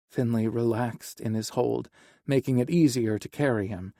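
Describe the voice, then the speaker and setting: A man reading a romance novel aloud in an even, unhurried way as an audiobook narrator. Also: medium pitch, creaky, no room sound, clean studio sound. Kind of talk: scripted narration.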